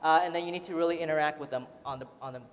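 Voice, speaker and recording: A man's voice: fairly high pitch, rapid-fire. Chatty man presenting in a hall. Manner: chatty, laughing often, frequent fillers. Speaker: seminar speaker. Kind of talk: casual seminar presentation. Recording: roomy hall reverb.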